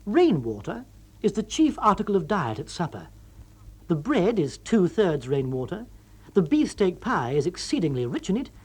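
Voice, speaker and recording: A man's voice: sits high, a little mellow, breathy edge. A man giving a wry, comic reading of a story aloud.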